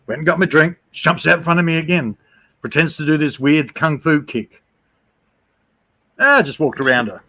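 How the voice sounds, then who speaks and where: A man's voice: fairly high pitch, fairly bright tone. Rambling, foul-mouthed middle-aged Australian man. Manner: rambling, swears freely. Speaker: live streamer. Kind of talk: casual storytelling. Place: home.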